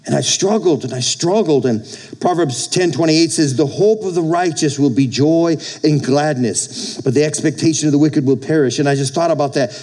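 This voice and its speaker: A man's voice: fairly high pitch, moderate pace, a little mellow, low-quality recording. A middle-aged male pastor preaching a sermon, exhorting the congregation with frequent calls for amen. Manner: exhorting, with call-outs for amen.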